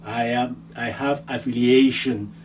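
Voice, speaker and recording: A man's voice: mid-range voice, fairly even intonation, measured pace. A man teaching a grammar lesson step by step, patiently repeating each word and ending, with a faint hum behind him. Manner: patient, repeats words and endings many times. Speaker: language teacher. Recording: distant mic, faint hum.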